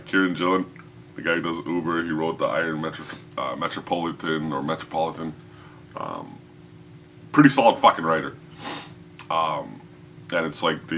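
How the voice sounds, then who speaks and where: A man's voice: rumbling low, pushed and bright, a little hiss or hum. A man hosting a casual comics podcast, talking in a rambling, profane way and laughing often. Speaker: podcast host.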